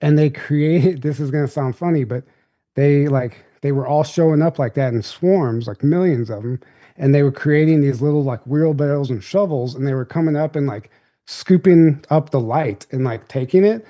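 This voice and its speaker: A man's voice: on the high side, moderate pace, warm tone. A young adult man, a podcast guest, telling a story in a loose, rambling, casual way.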